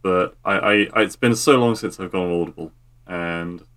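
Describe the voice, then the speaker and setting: A low-voiced man co-hosts a podcast in easygoing conversation. He talks hesitantly and leans on "uh" and "um" while he finds his words. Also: moderate pace, a bit bright. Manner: hesitant, lots of "uh" and "um". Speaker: podcast co-host. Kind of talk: casual chat.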